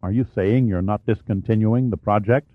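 A man's voice: on the low side, moderate pace, no room sound, narrow, tinny audio, natural voice. A man voicing an irritable, skeptical male project director. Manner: irritable, doubtful.

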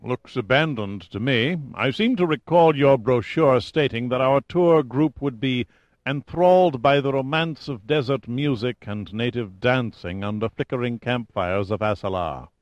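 A fussy, haughty London barrister, played by a narrator, grumbling in a mid-pitched voice. It sounds dry and close, with no room echo, as in a storybook reading. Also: male voice, measured pace, close to an everyday voice. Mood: sniffy. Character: fussy, impeccably dressed male London barrister.

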